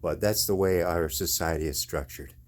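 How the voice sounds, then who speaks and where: A man's voice: low-pitched, normal speed. A man in chronic pain delivering an angry, profane, repetitive rant in his own video. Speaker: video maker. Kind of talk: angry ranting monologue.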